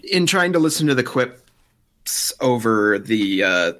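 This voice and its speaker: A man's voice: medium pitch, sing-song, takes it slowly, a bit bright. A man in casual podcast chat, leading a run through film soundtrack tracks, giving blunt opinions and mimicking the music. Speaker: podcast co-host reviewing a film score.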